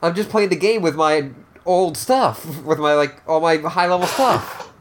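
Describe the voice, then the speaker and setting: A man's voice: a little high, unhurried. A man co-hosting a casual podcast who chats with jokey asides and frequent restarts. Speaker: podcast co-host. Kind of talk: casual chat.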